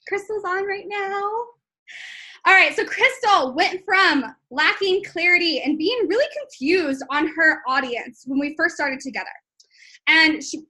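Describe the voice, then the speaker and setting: A woman in her twenties, a business coach talking excitedly to viewers in a live stream, gushing with lots of likes and ums. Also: sits high. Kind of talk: live-streamed sales talk.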